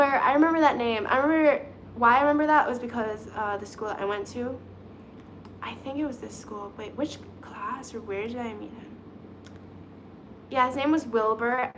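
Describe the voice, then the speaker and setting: Giggly, chatty woman, fairly high voice. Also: fairly bright tone, slight background noise. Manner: chatty, giggly, thinks aloud; doing her nails while talking. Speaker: livestream host reading chat. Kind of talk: casual live-stream chat.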